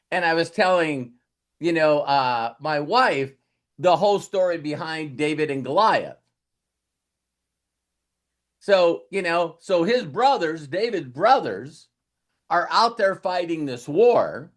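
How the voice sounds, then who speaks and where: A man's voice: fairly high pitch, lively intonation, slow, fairly bright tone. A man coaching with a motivational talk, retelling stories in a rambling way and acting out the lines of the people in them. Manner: rambling storyteller who acts out quoted lines.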